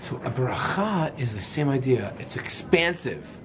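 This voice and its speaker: A man rabbi teaching an informal class, lively and quizzing the class, often acting out voices. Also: medium pitch, unhurried, noisy background. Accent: Canadian. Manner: lively, acts out voices, asks the class questions.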